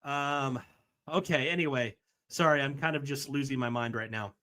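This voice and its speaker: A man hosting a live reaction stream, excited and rambling, apologizing as he juggles things. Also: medium pitch, normal speed. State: recovering from a week of sickness, coughing.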